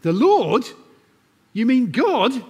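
Brief: a preacher putting on a frantic, high-pitched man shouting for help, long hall reverb. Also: big pitch swings, very slow, breathy edge, exaggerated voice. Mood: desperate pleading. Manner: yelling, desperate pleading. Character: panicked man dangling off a cliff.

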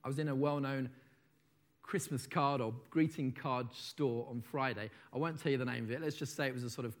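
A man preaching a sermon, swinging between loud declarations and soft, slowed phrases, and reading a testimony aloud with feeling. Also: medium pitch, fairly even intonation.

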